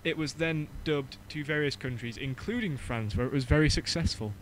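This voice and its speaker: A man's voice: on the high side, slight background noise, poor audio. Laughing man, joking podcast chat. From England. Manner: laughing often, quick joking asides. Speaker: podcast co-host. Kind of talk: casual chat.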